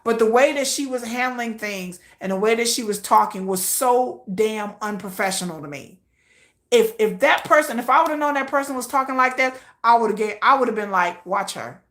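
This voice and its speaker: Blunt, animated woman commentator, bright voice. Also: fairly high pitch, normal speed. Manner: blunt, animated and slangy, acting out quoted lines. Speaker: livestream host and commentator. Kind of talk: casual opinion livestream.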